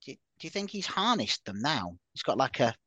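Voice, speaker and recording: A man's voice: medium pitch, very animated, a little fast, a bit bright, no echo. A man co-hosting a casual football podcast, playful and jokey. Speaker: podcast co-host. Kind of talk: casual chat.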